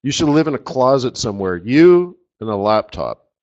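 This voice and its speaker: A Canadian forex market strategist presents a live trading webinar, his medium-pitched, slightly mellow voice very animated at a moderate pace. He rambles casually, cracks jokes, and keeps checking in with "right?". The webinar audio sounds slightly muffled.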